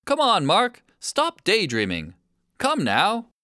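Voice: mid-range voice, huge pitch swings, slow pace, dry recording, clean studio sound, full character voice. A reader voicing a pushy, scolding shoal of fierce hunting sharks in a storybook read-aloud. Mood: impatient. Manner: bossy, scolding, loud.

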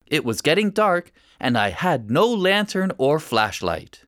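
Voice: medium pitch, very animated, a little slow, fairly bright tone, no room sound, studio quality. A storyteller reading a first-person children's story aloud with expression.

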